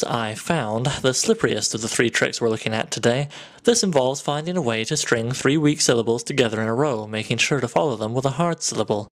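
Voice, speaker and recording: A man's voice: mid-range voice, fairly bright tone. A man vlogging to camera, explaining poetry exercises in a dry, self-mocking, playful way. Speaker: video blogger. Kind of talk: wry explanatory talk to camera.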